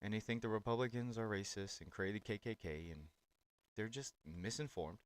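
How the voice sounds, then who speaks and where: A man's voice: lowish voice, moderate pace. A man hosting political reaction commentary on clips, talking in a blunt, sarcastic and profane way.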